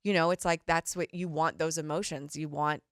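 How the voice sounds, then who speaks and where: A middle-aged woman co-hosting a podcast, talking in a candid, rambling, animated way and swearing casually. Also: sits low, moderate pace, no room sound, clean studio sound. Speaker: podcast co-host. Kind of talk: casual chat.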